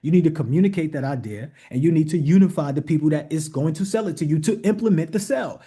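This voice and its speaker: A man's voice: fairly high pitch, expressive, quick pace, few pauses, warm tone. A man coaching a group on an online call, blunt and emphatic, repeating rhetorical questions and giving direct commands. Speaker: coach leading a leadership call. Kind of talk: motivational teaching to a group.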